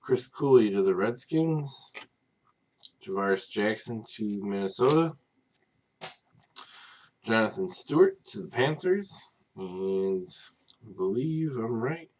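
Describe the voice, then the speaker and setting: Man, lowish voice, card break host, casual live stream talk, tired and yawning. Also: takes it slowly, pauses often. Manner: reads off names in a steady list.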